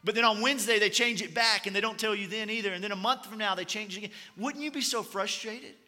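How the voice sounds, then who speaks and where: A high, bright male voice, preaching a sermon in a relaxed storytelling manner with light humor. His words carry a long hall reverb, as if from a church auditorium. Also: fast. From Kentucky. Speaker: pastor.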